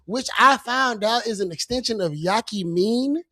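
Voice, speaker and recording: A man from Virginia hosting a casual livestream chat, animated and slangy, often repeating himself. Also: sits high, moderate pace, no room sound, studio quality. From Norfolk, Virginia. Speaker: show host.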